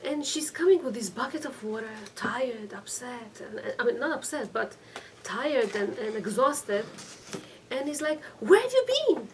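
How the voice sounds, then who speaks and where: High-voiced woman teaching a religious class. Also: measured pace. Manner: storytelling with acted quotes, frequent restarts and "okay?" checks. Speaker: rabbanit giving a weekly class. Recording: distant mic with faint room noise.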